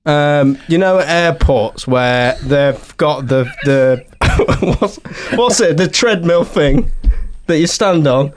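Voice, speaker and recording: A young man chatting on a comedy podcast, rambling through half-finished ideas with frequent giggles. His voice sits a bit high for a man. A faint hiss sits under it. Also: slow, hardly any pauses. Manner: rambling, giggly, trails off into mumbles. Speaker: podcast co-host. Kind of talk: casual comedy podcast chat.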